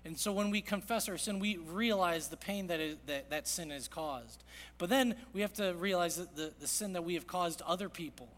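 A man preaching a sermon as pastor, earnest, moving from loud emphasis to hushed quiet. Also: high-pitched, moderate pace, few pauses. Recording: long reverb of a large hall.

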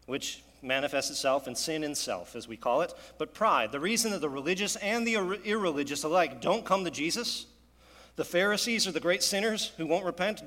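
Male pastor, earnest sermon, conversational asides, slightly high voice, long hall reverb. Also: pushed and bright. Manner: earnest, conversational with rhetorical questions.

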